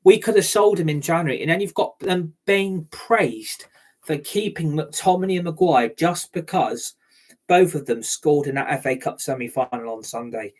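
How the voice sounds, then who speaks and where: A man's voice: a little high, normal speed. A man giving an angry, heated rant as a football fan, swearing freely. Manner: heated, ranting, heavy swearing. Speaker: football fan channel host.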